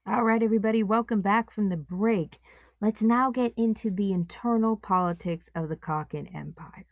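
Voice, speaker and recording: Animated joking woman podcast host. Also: normal speed, no echo, studio quality. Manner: animated, joking, swings from loud exclamations to low asides. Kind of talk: casual anime analysis commentary.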